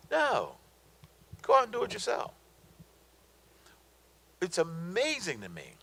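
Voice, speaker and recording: A man's voice: high-pitched, sing-song, moderate pace, long pauses, sharp tone, rough recording. A middle-aged man giving a motivational talk on business to an audience, emphatic and colloquial, telling stories and hammering home his points. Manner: emphatic, colloquial, storytelling with repeated punchlines. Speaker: guest speaker on business.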